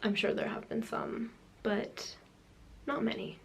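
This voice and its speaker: Teen woman, video diary, rambling with lots of "like", gravelly fry, faint noise behind. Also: a little high, huge pitch swings, a little slow. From Canada. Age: late teens. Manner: rambling, filler-heavy, frequent "like" and "um". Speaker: vlogger. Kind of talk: casual personal video diary.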